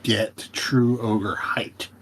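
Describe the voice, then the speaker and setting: A man narrating a tabletop game as game master, unhurried and pausing often with fillers. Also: lowish voice, steady tone, fairly bright tone, slightly rough.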